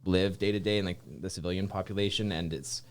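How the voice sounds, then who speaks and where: Low-voiced soldier, rambling chat. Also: male voice, steady tone, fast. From Saskatchewan, Canada. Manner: rambling, filler-heavy, acts out quotes. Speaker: soldier guest. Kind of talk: casual interview chat.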